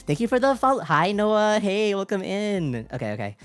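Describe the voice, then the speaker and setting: A woman streamer chatting casually on a live stream into a desk mic, giggly, excitable and playful. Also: medium pitch, moderate pace, no room sound. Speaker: VTuber streamer.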